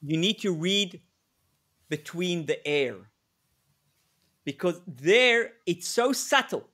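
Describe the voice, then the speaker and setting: A man co-presenting a live webinar, telling stories in an animated way and laughing often. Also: sits high, takes it slowly. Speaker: co-presenter, negotiation expert.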